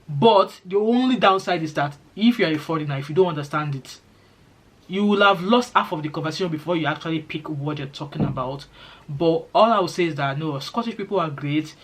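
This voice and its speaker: A middle-aged Nigerian woman with a Nigerian accent chatting casually to her vlog viewers, reassuring and easygoing, with pidgin phrases slipping into her talk. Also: lowish voice. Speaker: vlogger.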